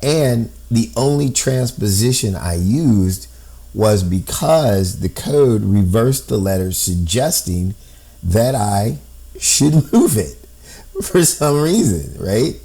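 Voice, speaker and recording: A man's voice: on the low side, lively intonation, slow, creaky, warm tone, slightly rough. A man explaining a code on screen step by step, thinking aloud and often checking in with "right?". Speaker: amateur code-breaker.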